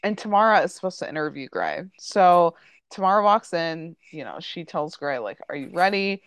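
A woman's voice: deep voice, big pitch swings, moderate pace, clear, resonant tone, no room sound. A woman hosting a casual podcast chat, recapping a TV episode and peppering her talk with "like" and "um". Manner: chatty, full of "like" and "um" fillers. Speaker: podcast host.

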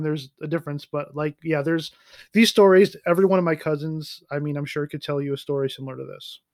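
Brief: man co-host, fairly high voice, quick asides, dry close sound. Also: no room sound. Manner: quick interjections, self-interrupting. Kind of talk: casual chat.

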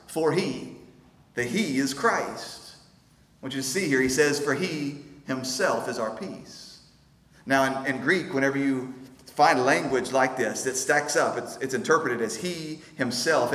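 A man preaching a sermon as pastor, earnest and emphatic, slowing down to stress key phrases. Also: medium pitch, fairly bright tone. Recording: roomy hall with long reverb.

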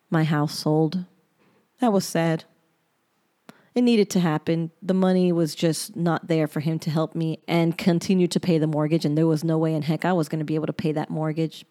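Woman podcast host with a somewhat low voice, reading her own journal aloud, frank and reflective, swears bluntly. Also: warm tone.

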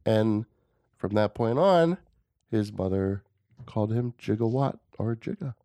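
A man in his thirties hosting a podcast, chatting casually and telling stories in an animated way. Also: on the low side, measured pace, dry recording, studio quality. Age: 30s. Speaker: podcast host. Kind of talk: casual chat.

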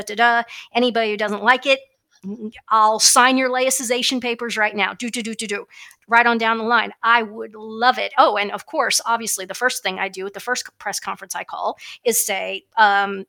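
A woman's voice: a little high, steady tone, normal speed, bright, forceful tone. A woman giving a blunt, emphatic opinionated monologue as a religious commentator, with frequent fillers and restarts.

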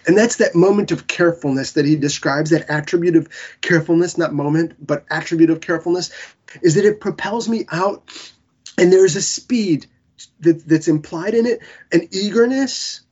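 A man preaching an earnest Bible-teaching sermon, halting and restarting often, and audibly emotional. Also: a little high, darkish tone, slightly rough, muffled recording.

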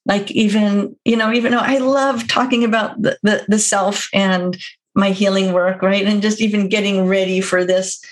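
Woman, podcast guest, mid-pitched voice, gentle, reflective, casual conversation. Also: fairly even intonation, normal speed. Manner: reflective, gentle, laughs often.

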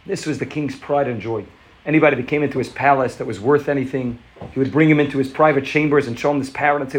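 A man's voice: medium pitch, steady tone, fast. A man giving a fervent Hasidic farbrengen talk, telling a parable and often repeating words and restarting.

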